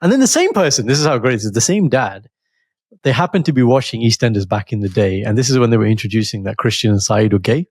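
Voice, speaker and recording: A middle-aged man co-hosting a casual podcast, an animated storyteller who laughs often. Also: medium pitch, fast talker, slightly rough, dry recording, studio quality. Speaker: podcast co-host.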